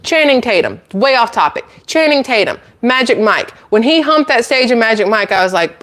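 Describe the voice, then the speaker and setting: A woman with a somewhat high voice rants to her viewers in blunt, disbelieving commentary. She is sarcastic and exasperated, and often laughs in disbelief. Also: lively intonation, fairly quick, hardly any pauses, a bit bright. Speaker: channel host. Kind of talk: ranting commentary to camera.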